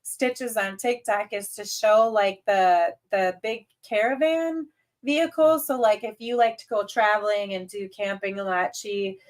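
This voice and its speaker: A woman with a Midwestern accent hosts a podcast in a casual interview chat, upbeat and chatty despite sounding nasal from a cold. Her voice is medium-pitched, steady in tone and unhurried.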